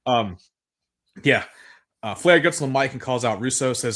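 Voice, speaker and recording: A man in mid pitch talks through a recap as a podcast co-host, loose and rambling, with plenty of swearing. He chuckles at the absurd parts and drifts between asides. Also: lively intonation, fairly quick, pauses often, a bit bright. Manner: rambling, swears freely, laughs at absurd moments. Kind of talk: casual recap chat.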